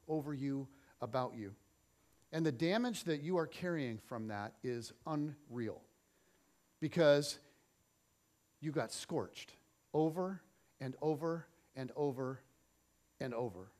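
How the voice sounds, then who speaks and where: A middle-aged man preaching a church sermon and telling a personal story, swinging between loud and soft. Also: medium pitch. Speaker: pastor.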